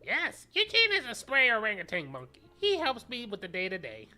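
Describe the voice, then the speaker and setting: A man's voice: high-pitched, wildly swooping pitch, fairly quick, bright, forceful tone, soft background music, voice pushed up, heavily acted. A man voicing a creepy old male museum curator who gives formal, earnest testimony while reading game dialogue aloud. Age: older.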